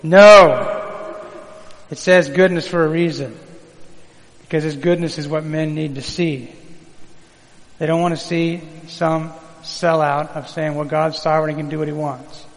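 A man's voice: a little high, little pitch movement, moderate pace, big-room sound, rough recording. A man preaching a sermon in a folksy, conversational way, calling on the congregation to repeat words back. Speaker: pastor.

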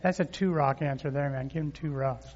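A man's voice: fairly high pitch, fairly quick. A man preaching a sermon, reading scripture and calling on the crowd to repeat words back to him. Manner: lively preaching with crowd call-and-response. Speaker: pastor. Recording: muffled hall reverb.

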